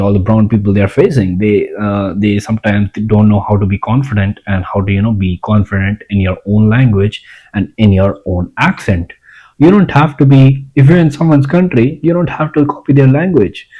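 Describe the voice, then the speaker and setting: A man's voice: lowish voice, muffled recording. A man giving casual self-help advice in a blunt, rambling way, swearing freely. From India.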